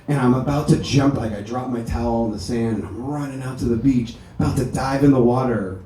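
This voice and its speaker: Man delivering a eulogy: mellow, animated anecdotes, distant mic in a reverberant ballroom. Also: medium pitch, fast, few pauses, slight background noise. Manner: chatty, animated storytelling. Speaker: son giving a eulogy. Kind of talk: memorial speech with anecdotes. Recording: echoey hall, speaker heard from a distance.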